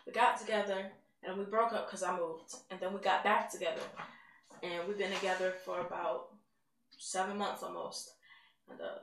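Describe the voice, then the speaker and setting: A teenage girl giving a candid, rambling personal testimony, building to excitement at points. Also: fairly low pitch. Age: teens. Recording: echoey room, mic at a distance, faint noise.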